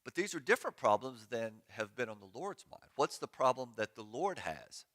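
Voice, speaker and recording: A man's voice: mid-range voice, very animated, moderate pace, fairly bright tone. A man giving a sermon as pastor in a church sanctuary, conversational and joking, with sarcastic asides.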